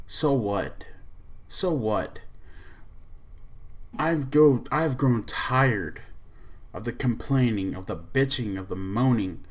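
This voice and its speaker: A man's voice: medium pitch, slow, long pauses. Man ranting angrily on his podcast. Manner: repetitive and profane, heated venting with restarts. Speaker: podcast host. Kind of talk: angry rant.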